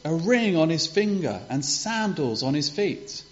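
A man's voice: a little high, big pitch swings, unhurried, voice pushed up. A man voicing a joyful, loving father who gives eager commands, on a dull lo-fi recording.

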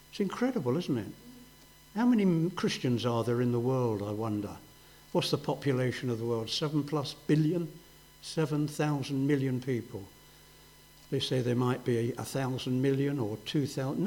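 A man's voice: mid-range voice, darkish tone, rough recording. A man preaching a sermon, earnest, asking rhetorical questions and rising in emphasis.

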